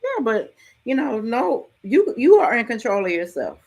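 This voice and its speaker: A woman's voice: on the high side, moderate pace, gravelly. Frank, casual middle-aged woman host. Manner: frank, casual, lively storytelling with mild swearing. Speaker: podcast host. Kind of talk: candid motivational talk.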